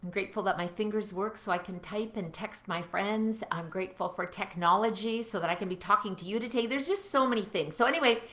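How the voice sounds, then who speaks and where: A woman's voice: medium pitch, brisk, few pauses, a bit bright, reverberant. Bubbly woman hosting a live stream. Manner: enthusiastic, greets viewers by name, many fillers. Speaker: host of a live stream for music teachers. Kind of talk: upbeat live-stream chat.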